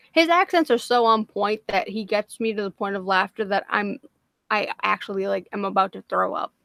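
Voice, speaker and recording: A woman's voice: medium pitch, gravelly, a bit bright, no room sound. A woman hosting a livestream in casual chat, swearing a lot and laughing often. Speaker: livestream host.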